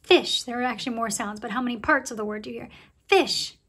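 A woman teaching a preschool circle time lesson, talking to young children in a cheerful, slow and encouraging way. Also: fairly high pitch, steady tone, fairly bright tone, husky.

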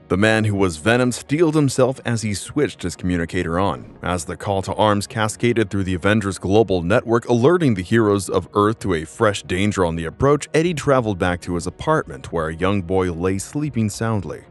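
Male narrator, lower register, dramatic storytelling over a light music bed. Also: expressive, brisk, few pauses.

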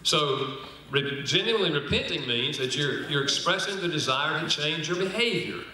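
This older man's voice sits a little high and sounds pushed and bright, animated at a normal speed. He gives sermon-style teaching at a conference, telling stories, performing quoted lines, and joking with listeners, captured by a far-off mic in an echoey hall.

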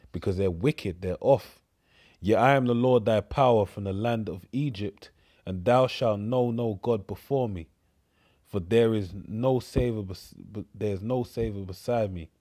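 A man's voice: lowish voice, dark tone. A man with a London Cockney accent preaching and reading scripture aloud, rambling and repeating words, often tagging lines with "man" and "mate". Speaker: street preacher.

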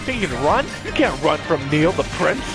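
A young man giving excitable, jokey commentary while playing a video game. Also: fairly high pitch, normal speed, loud music behind the voice. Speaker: gaming YouTuber. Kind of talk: casual gameplay commentary.

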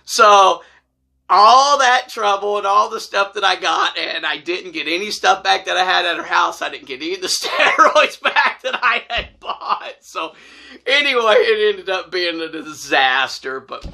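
A man telling a funny personal story to camera, animated and laughing as he acts out the voices. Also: high voice, unhurried, gravelly. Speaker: storytelling vlogger.

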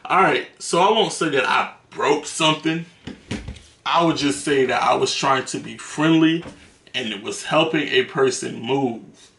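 A man's voice: medium pitch, a little slow, creaky, a bit bright, a little hiss or hum. A man telling stories to the camera in a casual, slangy, profane way, laughing between them. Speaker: vlogger. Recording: roomy echo.

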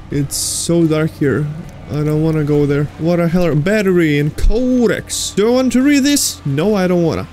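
High-voiced man talking through a horror game. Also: unhurried, mellow, soft background music. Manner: talks to the game's creatures, jokey and easily startled. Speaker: gaming streamer. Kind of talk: let's play commentary.

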